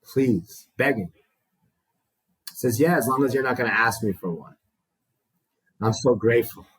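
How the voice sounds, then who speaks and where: Husky man telling a raw story. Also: mid-range voice, normal speed, dry recording, low-quality recording. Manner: raw, profane, animated retelling with quoted dialogue. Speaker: guest sharing his recovery story. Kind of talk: emotional storytelling to a small group.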